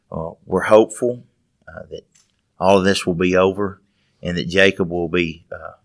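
A man speaking as a guest in an interview, measured and steady, with frequent hesitations. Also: low-pitched, no echo, studio quality. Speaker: guest, father of the subject. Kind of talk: interview answers.

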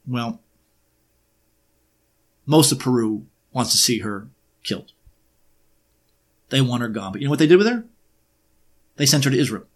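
A man's voice: mid-range voice, expressive, normal speed, long pauses. Man lecturing with sarcastic rhetorical questions. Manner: frequent filler hesitations. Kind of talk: lecture-style monologue.

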